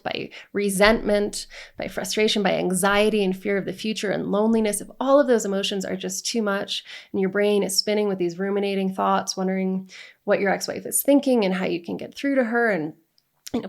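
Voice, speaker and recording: A woman's voice: medium pitch, vocal fry. A woman working as a divorce coach, talking straight to camera in an earnest way, often checking in with "right?" and listing feelings one after another. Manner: earnest, repeats "right?" and lists emotions in long runs. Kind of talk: direct-to-camera coaching talk.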